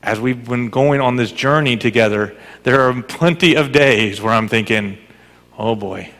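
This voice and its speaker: Pastor guy preaching, bright high voice, lively and joking, big echoey hall. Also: moderate pace. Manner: animated, conversational, joking. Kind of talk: sermon.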